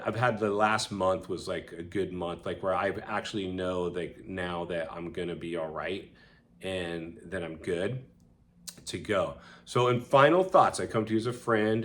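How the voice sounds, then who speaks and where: A man sharing a personal story with viewers in an earnest, conversational way, with frequent fillers. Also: fairly low pitch. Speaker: vlogger.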